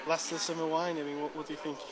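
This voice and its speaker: A male reporter introducing a story and then asking an actor brisk, plain interview questions outdoors. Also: on the high side, level tone, crowd noise, low-quality recording.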